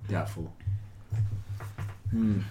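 A man's voice: sits low, drawn-out words, noisy background. A man, joking and laughing often in a casual chat as a podcast co-host.

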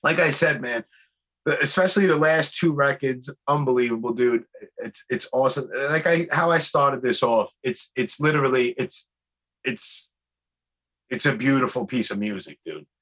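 A man's voice: medium pitch, normal speed, a bit bright. A man hosting a podcast on a video call from his bedroom, easygoing and swearing freely. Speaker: podcast host. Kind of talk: casual interview chat. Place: bedroom at home.

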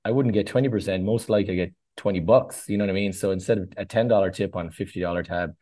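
This guest, a middle-aged Irish bartender and tour organiser, has a deep, dark voice and talks at a rapid-fire pace. In a casual interview, he spins anecdotes in his Irish accent, acting out the characters' voices.

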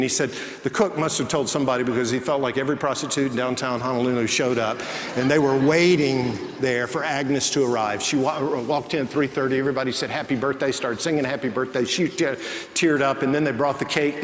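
A man's voice: medium pitch, slight background noise. A man preaching a sermon, telling a story and acting out the voices of the people in it. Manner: animated, acts out quoted voices in the story. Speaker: pastor. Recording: echoey church hall, faint ambience.

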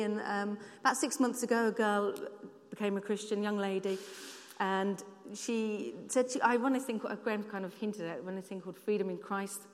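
A woman giving a church sermon, telling personal stories in an earnest, conversational way. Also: medium pitch. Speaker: church speaker. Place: church hall. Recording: long hall reverb.

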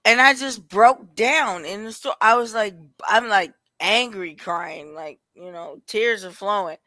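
A woman's voice: mid-range voice, a little slow, bright, forceful tone, dry recording. A woman talking bluntly and candidly in a casual chat, swearing freely and repeating herself for emphasis.

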